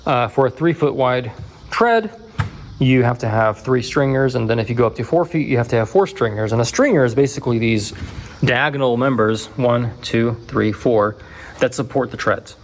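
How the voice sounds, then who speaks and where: A man casually walking through his house under construction, explaining framing problems in a rambling, animated way with many restarts. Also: medium pitch, normal speed. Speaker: home builder filming his build. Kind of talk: walkthrough vlog.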